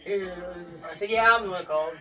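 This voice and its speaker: A man's voice: sits high, brisk, pushed and bright. A man telling rowdy stories in casual talk, swearing freely and laughing through them. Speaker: interviewee. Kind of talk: casual storytelling. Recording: distant mic with faint music.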